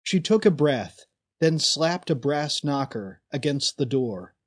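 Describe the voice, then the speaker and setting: Slow, deliberate male story narrator. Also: on the high side, animated. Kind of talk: scripted audiobook narration.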